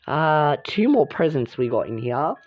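A woman doing a low, soft, affectionate young woman. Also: big pitch swings, measured pace, dull audio, faint music behind. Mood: gentle.

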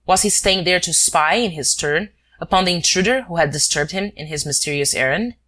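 Casting: woman, low-pitched audiobook narrator, steady and measured. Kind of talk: scripted narration.

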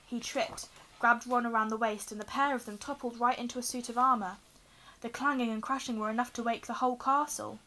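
A woman reading a children's novel aloud, telling it expressively and giving the quoted lines lively voices. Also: fairly high pitch, brisk, poor audio. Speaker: reader.

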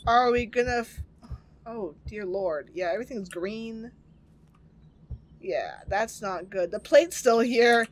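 On the high side, this woman takes her time, leaving long pauses. As a game streamer, she casually comments on a horror game in a let's play, chatting, reacting, joking and swearing.

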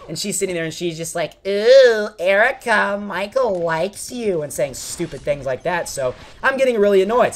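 Animated young man telling a rambling story. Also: sits high. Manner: rambling, animated, easily sidetracked. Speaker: gaming channel host. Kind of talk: storytelling over gameplay commentary.

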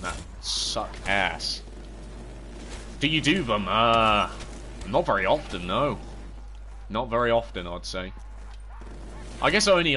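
Young British male streamer, lowish voice, loud yelps at the game, faint noise behind. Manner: excitable, yelps and shouts at the game, chats to viewers. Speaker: livestreamer. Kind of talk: casual gaming livestream commentary.

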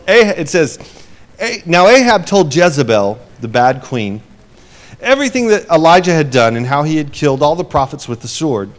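A man preaching an informal sermon and retelling a scripture story, conversational, shifting from hushed to loud and emphatic and acting out the quoted lines. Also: medium pitch.

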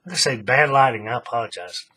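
A man's voice: medium pitch, animated, fast, bright, forceful tone, slight background noise. A man hosting a casual craft tutorial, thinking aloud as he works and often restarting his sentences. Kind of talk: casual how-to demonstration.

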